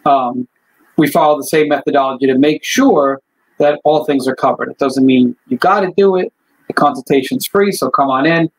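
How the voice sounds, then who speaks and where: A man, an attorney, speaking as a guest on a video call in a casual interview, animated when telling a story. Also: mid-range voice, normal speed, low-quality recording. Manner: animated storyteller, acts out voices in jokes. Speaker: estate planning attorney, guest. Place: law office.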